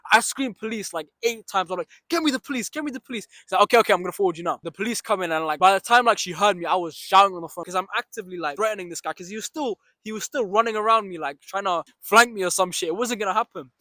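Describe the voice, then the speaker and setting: A young man telling a story about his day, swearing freely and acting out the shouts and the other voices. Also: high voice, quick pace, hardly any pauses, no room sound. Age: young adult. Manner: swears freely, retells with reenacted shouts and asides. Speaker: storyteller vlogger. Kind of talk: animated storytime monologue.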